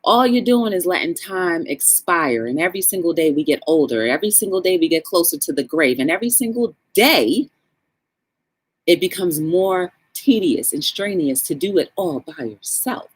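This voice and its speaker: A woman's voice: fairly low pitch, normal speed, husky. A woman hosting a livestream talk show, chatting casually and encouraging her viewers. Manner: animated, encouraging, greets chat viewers.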